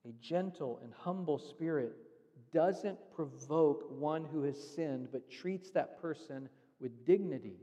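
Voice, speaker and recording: A man's voice: a little high, slow, warm tone, muffled recording. Man preaching in a reverberant hall. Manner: earnest teaching, explaining scripture step by step. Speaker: pastor. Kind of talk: sermon. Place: church sanctuary.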